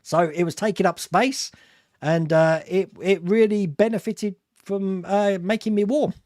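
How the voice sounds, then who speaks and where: British guy, middle-aged, hosting a live stream, kinda high voice, chats and rambles, laughs a lot, dry close mic. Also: steady tone, a little slow, darkish tone, no room sound. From Britain. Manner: chatty and rambling, laughs often, self-mocking. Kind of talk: casual live chat reading viewer comments.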